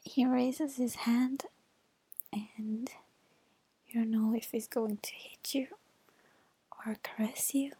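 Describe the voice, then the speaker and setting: Slow, high breathy woman in whispered role-play. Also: steady tone, mellow, dry recording. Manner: breathy and slow, with frequent sighs. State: slightly rough voice, just woke up.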